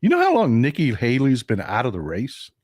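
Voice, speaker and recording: A man from Texas hosts a livestream of political commentary, getting over a cold. He talks in an indignant, animated way, with a pitch that swings widely, and he repeats phrases for emphasis. The sound is dry and close, with no room echo. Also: fairly quick. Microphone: desk mic at a computer for a livestream.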